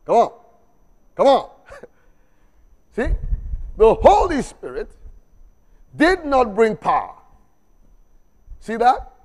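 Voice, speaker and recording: A man's voice: very high voice, huge pitch swings, drawn-out words, long pauses, a little mellow. A man preaching a sermon in church, exhorting with call-and-response, repeated refrains and humorous asides. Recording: long reverb of a church hall.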